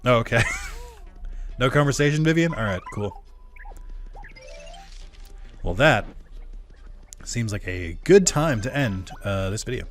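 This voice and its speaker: A man's voice: medium pitch, expressive, a little slow, long pauses, faint music behind. A young man casually commenting on his gameplay, rambling and self-deprecating. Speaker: let's play creator.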